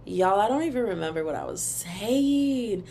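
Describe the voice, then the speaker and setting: A young woman hosting a casual solo podcast, ranting in an animated, emphatic, rambling way, and now and then breaking into a taunting sing-song chant. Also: medium pitch, normal speed, gravelly, breathy edge. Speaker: podcast host.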